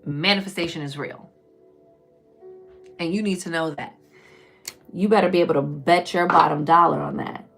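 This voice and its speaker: A woman giving a casual spiritual tarot reading on a live stream, chatty and preachy, calling her listeners baby and y'all, swinging from loud emphatic bursts to low murmurs. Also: fairly even intonation, moderate pace, gravelly, pauses often, faint music behind. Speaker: tarot reader.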